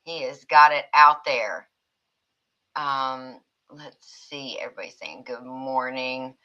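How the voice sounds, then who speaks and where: A woman's voice: very deep voice, slow pace, pushed and bright, dull audio. A woman hosting a casual livestream chat, reading viewer comments aloud and laughing often. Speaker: livestream host.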